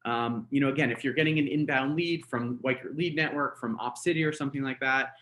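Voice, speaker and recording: An American real estate trainer coaches casually through a webinar, filling his talk with fillers and "right?" tags. His mid-range voice is fairly bright, a little fast, and fairly even in intonation, captured on a webinar call mic.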